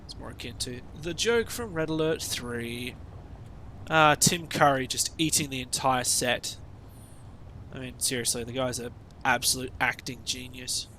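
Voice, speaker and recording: Australian male streamer, bright ringing voice, loose rambling commentary with swearing and dry jokes. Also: medium pitch, a little slow, slight background noise. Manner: rambling, sweary, sarcastic asides. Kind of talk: casual gameplay commentary.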